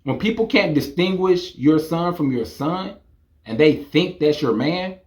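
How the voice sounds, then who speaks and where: Young adult man, casual vlog rant, incredulous, lively swooping pitch, slightly raised voice. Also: unhurried. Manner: animated, incredulous, ranting. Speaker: vlogger. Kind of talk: casual monologue to camera.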